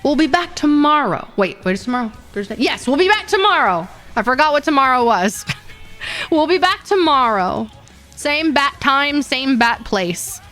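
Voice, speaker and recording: With soft background music behind her, a young woman VTuber streams casually in a high, fairly bright voice with big pitch swings and a moderate pace. She rambles with bubbly energy, laughs often, and repeats her words as she chats.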